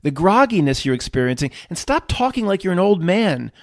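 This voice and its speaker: A man voicing a booming, detached spiritual higher self who speaks in a matter-of-fact way. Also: big pitch swings, a little fast, no room sound, clean studio sound. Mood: brisk.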